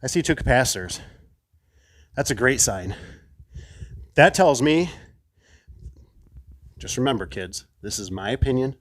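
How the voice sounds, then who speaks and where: Excitable, animated garage door installer man. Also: mid-range voice, measured pace, long pauses. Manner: chatty, enthusiastic, rambling asides to viewers. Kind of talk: casual unboxing vlog.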